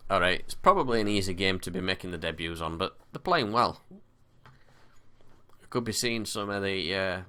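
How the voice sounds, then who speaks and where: A man casually commentating his own football management game, with excited bursts and weary sighs. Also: sits low, normal speed, clean tone. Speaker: gaming commentator. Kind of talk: casual let's-play commentary.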